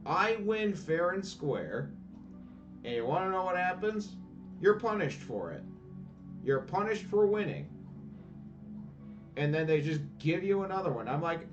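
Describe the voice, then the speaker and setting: A man's voice: high-pitched, sing-song, measured pace, long pauses, far from the mic, highs cut off. A man giving casual let's-play commentary, ranting and swearing sarcastically about the game. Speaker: gameplay commentator. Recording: voice a bit off-mic, faint game music.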